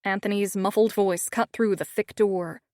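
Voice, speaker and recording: A woman narrating a first-person audiobook with steady, measured storytelling. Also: mid-range voice, dry recording, clean studio sound.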